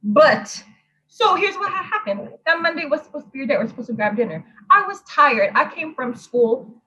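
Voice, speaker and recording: A young woman tells a story in a loud, profane, animated way. Her voice sits high and rings bright and sharp. The recording is a little muffled. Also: normal speed. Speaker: host. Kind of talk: casual chat.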